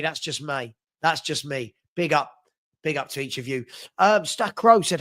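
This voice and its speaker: A man's voice: on the high side, fairly bright tone. Chatty man with a cold. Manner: chatty, playful, teasing, repeats himself. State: has a cold. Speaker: host of a live fan chat stream. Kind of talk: casual live-stream chat reading viewer comments.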